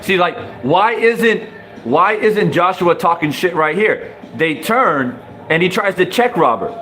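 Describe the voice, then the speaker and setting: A man's voice: sits high, animated, measured pace, pushed and bright. A young man casually reacting to a boxing clip for his viewers, cursing, laughing and calling them bro in disbelief. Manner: laughing, incredulous, profane, addresses viewers as bro. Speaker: boxing commentator.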